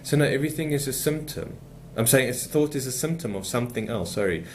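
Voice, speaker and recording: A man's voice: medium pitch, animated, fast talker, slight background noise. A man giving an unscripted spiritual talk as a meditation teacher, speaking passionately and emphatically in a rambling way.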